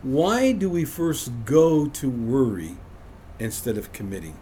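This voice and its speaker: A man's voice: medium pitch, very animated, measured pace, mellow, a little hiss or hum. A man leading an informal Bible study for a small group, conversational and self-deprecating, often chuckling.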